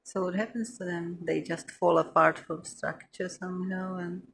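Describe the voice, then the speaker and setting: A woman whose first language is Czech, chatting casually with quiet, short replies. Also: on the low side, little pitch movement, normal speed, creaky, a little hiss or hum. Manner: quiet, brief replies and backchannels. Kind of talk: casual chat.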